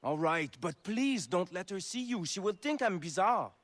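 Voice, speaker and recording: A fretful young suitor, gentle and worried in video game dialogue. His voice sits high and swoops widely. He frets in an anxious, lilting voice. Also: very animated, normal speed.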